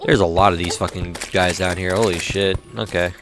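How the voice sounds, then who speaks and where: A man's voice: low-pitched, fairly even intonation, a little fast, over music. A young man casually commenting while playing a video game, swearing often and grumbling at the game. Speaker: gaming YouTuber. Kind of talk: casual let's-play commentary.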